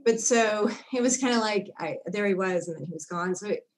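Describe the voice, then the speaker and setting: A woman's voice: mid-range voice, brisk. A middle-aged woman, a psychotherapist, telling her own story candidly in an interview, laughing often and acting out her past self. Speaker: guest psychotherapist. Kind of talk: personal story in a podcast interview.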